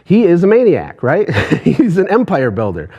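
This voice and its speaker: A man's voice: a little high, huge pitch swings, normal speed, warm tone, husky. A man, a business coach, giving a passionate motivational talk to an online audience, pushing hard with rhetorical questions.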